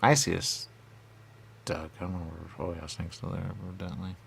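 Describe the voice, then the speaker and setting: A man rambling in a goofy comic back-and-forth with himself, answering his own questions and dropping into hushed asides. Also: deep voice, little pitch movement, moderate pace, gravelly, slight background noise. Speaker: radio show personality.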